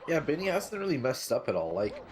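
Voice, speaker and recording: A man giving casual play-by-play commentary on a speedrun race, relaxed and full of fillers. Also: mid-range voice, fairly quick, soft background music. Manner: relaxed, lots of filler "like" and "you know".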